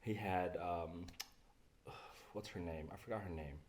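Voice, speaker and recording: A man's voice: sits low, unhurried, a little mellow. A man hosting a podcast, telling a story in casual chat and often laughing as he goes. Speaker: podcast host.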